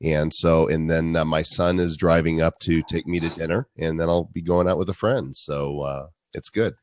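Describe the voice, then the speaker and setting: Deep-voiced man in his fifties hosting. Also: steady tone, moderate pace, dry recording. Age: 50s. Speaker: show host. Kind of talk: interview conversation. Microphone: live video stream.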